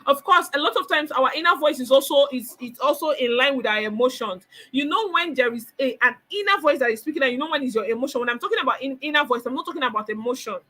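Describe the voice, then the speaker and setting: A woman's voice: high-pitched, expressive, fast, few pauses, pushed and bright. A woman giving a motivational counseling talk, emphatic, repeating phrases and acting out the voices she describes. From Nigeria.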